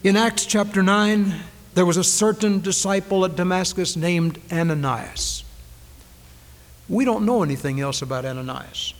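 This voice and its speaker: A male preacher delivering a dramatic sermon, repeating key phrases and swinging between loud declarations and hushed lines, on a 1990s church recording. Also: high-pitched, moderate pace, long reverb tail.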